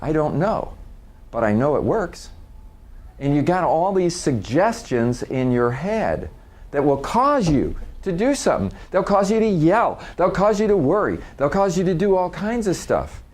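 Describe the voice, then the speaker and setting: A man's voice: fairly high pitch, very animated, unhurried. A middle-aged man speaking live to an audience at a workshop. He talks in a conversational way, laughs often and restarts his sentences.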